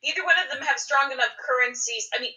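A woman's voice: high voice, fairly even intonation, fast talker, bright, forceful tone, low-quality recording. A woman co-hosting a podcast who works as a teacher, commenting casually in a dry, dismissive way.

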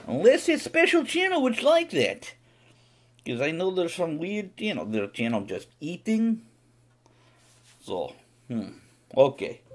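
A boastful, vodka-soaked Siberian, put on by a man rambles in broken English with a thick Russian accent. His deadpan jokes swing up and down in a lively, animated pitch over a mid-range voice. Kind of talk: comedic character monologue on a live stream.

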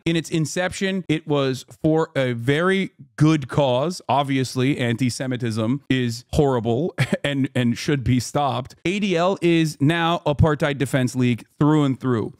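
A man's voice: mid-range voice, darkish tone, dry recording, clean studio sound. A man hosting a live stream, talking bluntly and sarcastically in casual commentary, swearing often. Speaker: streamer host.

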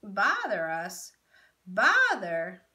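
A woman reading the part of a scornful, bitter teenage boy in a storybook tale, his voice pitched fairly high and slow, with a bright, forceful edge to it. He sounds intense and resentful from line to line.

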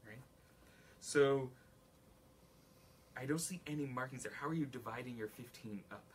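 A man's voice: medium pitch, moderate pace, a little hiss or hum. A man teaching a flute masterclass to an audience, singing rhythms on syllables, counting aloud and joking as he coaches. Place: recital room with an audience.

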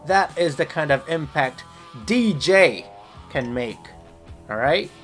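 A young man giving excitable gameplay commentary, swearing and taunting the players on screen. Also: fairly high pitch, takes it slowly, faint music behind. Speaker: gaming YouTuber.

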